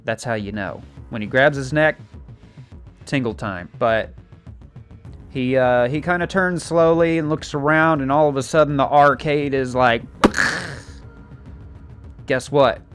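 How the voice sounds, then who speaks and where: A man's voice: mid-range voice, moderate pace, fairly bright tone, clear, resonant tone, soft background music. Rambling jokey man recapping a show. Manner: rambling, jokey, full of filler words. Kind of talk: casual plot recap with acted quotes.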